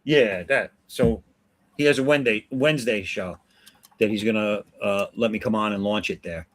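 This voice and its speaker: A man's voice: fairly low pitch, normal speed. Joking man chatting on a live stream. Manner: joking, rambling, swears casually. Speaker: comic artist streamer. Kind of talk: casual chat.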